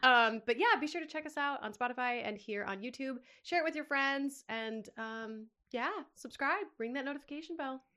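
A woman's voice: sits high, normal speed, hardly any pauses, pushed and bright. A woman hosting a casual podcast, bubbly and giggly, rambling as she talks. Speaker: podcast host. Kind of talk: casual chat.

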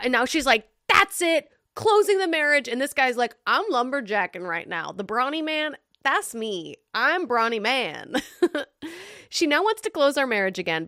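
A young woman with a fairly high, very lively voice that swings up and down as she reacts to stories on a live stream. She reads aloud, then bursts into expressive, exaggerated commentary. The sound is close and dry, with no room around it. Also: no echo. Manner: animated and expressive, quick laughs and exaggerated reactions.

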